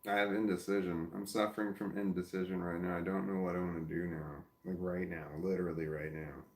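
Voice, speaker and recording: Low gravelly man, rambling and roomy. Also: level tone, brisk. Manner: rambling, self-reflective, trailing off and restarting; soft baby-talk to his dog. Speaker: vlogger. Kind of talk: casual personal vlog. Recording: roomy echo.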